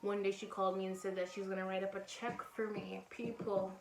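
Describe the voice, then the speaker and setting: A woman's voice: mid-range voice, level tone, fast talker, distant mic. Young woman, casual storytime vlog, roomy echo, set back from the mic, noisy background. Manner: candid, chatty, acts out other people's lines. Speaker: vlogger.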